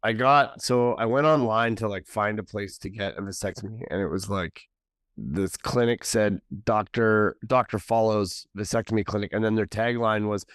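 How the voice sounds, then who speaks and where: A male comedian and podcast co-host telling a story in casual chat, animated and laughing as he acts out the dialogue. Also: lowish voice, normal speed, no room sound, clean studio sound.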